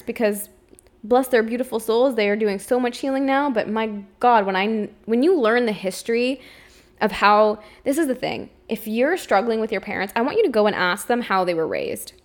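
A young adult woman hosting a solo podcast, talking openly and emotionally, with a lot of "like" in her speech. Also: mid-range voice. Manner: emotional, open, says "like" often. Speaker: podcast host. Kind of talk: candid solo podcast monologue.

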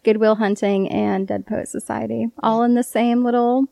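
A woman's voice: a little high, steady tone, moderate pace, gravelly, mellow, no room sound. A woman guest on a casual podcast, talking chattily with lots of hesitations and fillers.

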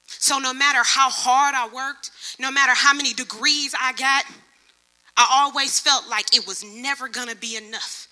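Bright high-voiced woman preaching. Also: moderate pace. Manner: lively storytelling, acts out other people's voices. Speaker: church speaker. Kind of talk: sermon testimony.

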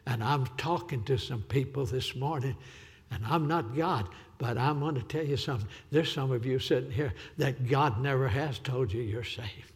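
A man with a medium-pitched voice and moderate pace preaches fervently as a visiting evangelist. He pleads with repetition, his sermon echoing through a church sanctuary.

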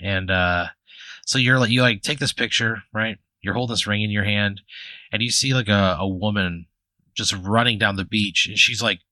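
A man with a low-set voice and a bright, forceful edge rambles through an improvised comic story. He swears freely and keeps restarting his sentences. The sound is dry and close. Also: moderate pace, dry recording. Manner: rambling, profane, full of fillers and restarts. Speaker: comedy podcast host.

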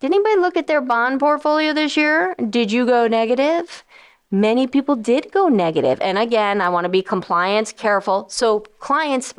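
A woman who is a financial advisor and radio host explains investments to listeners in a casual, animated way, often acting out the quoted voices of investors and funds. Her voice is medium-pitched and smooth.

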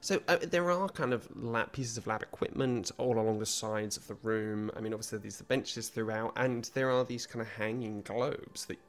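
A man's voice: on the low side, moderate pace, hardly any pauses. Easygoing man running a tabletop game. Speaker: game master.

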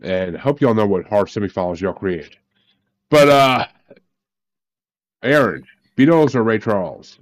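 Lower-voiced male host, swears a lot, keeps an excited group chat moving. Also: measured pace, pauses often. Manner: profane and enthusiastic. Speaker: podcast host.

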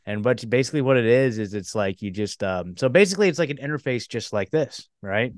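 A man's voice: lowish voice, smooth, no room sound, studio quality. A man hosting a podcast, telling a story casually with lots of fillers and restarts. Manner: rambling, many fillers and restarts. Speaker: podcast host.

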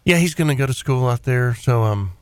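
A man's voice: medium pitch, brisk, clean tone, dry recording. A man hosting a radio talk show, rambling through stories in casual chat from his studio. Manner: rambling, animated storytelling. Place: private studio.

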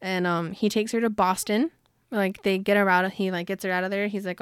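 A woman co-hosting a casual book discussion, retelling the plot with lots of laughter and quick quoted voices for the characters. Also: mid-range voice, smooth, no echo. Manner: animated storytelling, quotes characters in put-on voices, laughs often. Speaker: podcast co-host.

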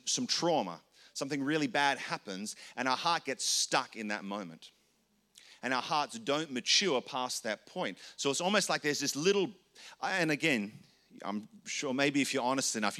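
Male pastor, bright forward tone, earnest and conversational, repeats words as he thinks. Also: mid-range voice. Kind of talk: sermon teaching.

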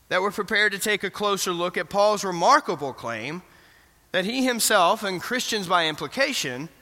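High, bright-voiced pastor in a reverberant hall. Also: male voice. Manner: asks the congregation questions and affirms answers. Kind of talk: interactive sermon. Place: church sanctuary.

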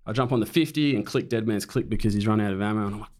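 A man's voice: on the low side, very fast, darkish tone. Blunt man telling a war story. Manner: blunt, swears freely, vivid storytelling. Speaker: military veteran guest. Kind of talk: recounting a combat story in conversation.

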